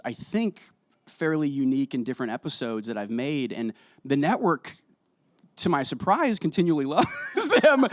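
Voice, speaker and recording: A man in his thirties chats as a guest, swinging his voice up and down with goofy asides before settling into earnest answers. He sounds tired and worn from a recent cold. His voice is a bit high for a man, and the sound is close and dry. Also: no room sound. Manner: playful, rambling, jumps between goofy asides and earnest answers. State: tired, just over a cold. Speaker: guest actor and director. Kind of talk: casual interview chat.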